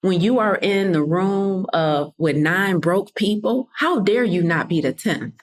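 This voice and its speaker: A woman's voice: lowish voice, animated, measured pace. A woman hosting a casual motivational podcast, talking straight to her listeners and acting out what people said. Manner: conversational, addresses listeners as y'all, drops into quoted voices. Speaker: podcast host and coach.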